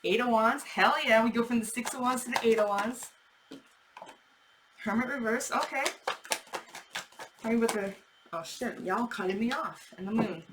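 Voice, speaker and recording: A woman's voice: fairly high pitch, moderate pace, pauses often, background noise. A woman giving a casual tarot reading, chatty and thinking aloud, with the odd swear word. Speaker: tarot reader.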